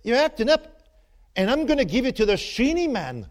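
A man's voice: extremely high pitch, very animated, moderate pace, voice pushed up. A man voicing his stern, tiny old Irish grandmother who scolds a misbehaving child, with an Irish brogue. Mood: scolding. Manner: scolding, threatening.

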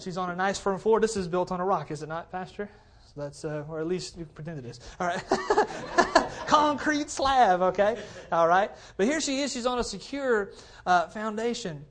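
Brief: male pastor, conversational sermon in a church, cordless mic, emphatic repetition, frequent "okay? all right?". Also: high voice. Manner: repeats phrases for emphasis. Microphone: cordless handheld mic.

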